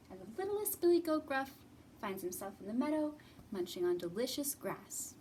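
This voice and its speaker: A woman's voice: sits high, big pitch swings, normal speed, mellow, a little hiss or hum. A woman leading a children's storytime as librarian, talking in an encouraging singsong way, recorded from a distance.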